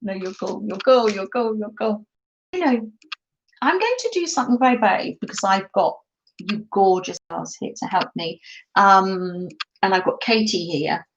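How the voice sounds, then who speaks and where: A woman's voice: medium pitch, moderate pace, creaky, muffled recording, slight background noise. A middle-aged woman hosting a casual craft live stream, chatting and reading viewer comments aloud with frequent laughs. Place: holiday home, indoors at a craft table. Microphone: laptop mic.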